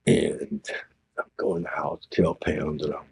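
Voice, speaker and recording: An older man telling a story in an interview, animated and profane, acting out what others said. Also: very deep voice, normal speed, creaky, a little hiss or hum. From Oregon, US. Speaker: interview guest.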